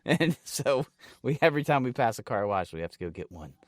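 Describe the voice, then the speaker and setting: A man co-hosting a podcast, spinning loose stories peppered with swearing. His voice sits at an average pitch. The mic sound is dry and close. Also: fairly quick, no room sound. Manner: animated storyteller, swears often, acts out quotes. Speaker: podcast co-host. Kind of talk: casual chat.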